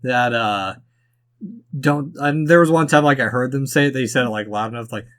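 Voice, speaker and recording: Dry, wry man podcaster, mid pitch. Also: moderate pace, fairly bright tone. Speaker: podcast co-host. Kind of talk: casual movie review chat.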